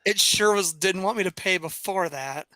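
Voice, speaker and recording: Crisp, bright-toned gamer, dry close mic, matter-of-fact. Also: medium pitch, moderate pace, no room sound. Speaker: board game player on stream. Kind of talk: casual game-stream chat.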